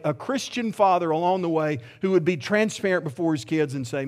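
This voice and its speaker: A man's voice: a little high, fairly quick, few pauses, a little mellow. A middle-aged man preaching a sermon as pastor, earnest and heartfelt, often restarting his sentences.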